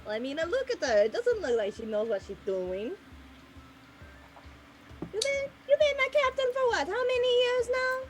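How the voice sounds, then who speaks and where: A woman's voice: extremely high pitch, animated, normal speed, long pauses, faint music behind, voice pushed up, low-quality recording. A woman voicing a pirate crew member in a put-on Italian accent, swearing and exaggerated. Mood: scheming.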